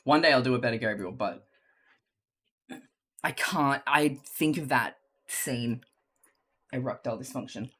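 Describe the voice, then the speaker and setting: A streamer chatting casually and reading fanfiction, gushing and excitable, with frequent swearing. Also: medium pitch, measured pace, pauses often, slightly rough.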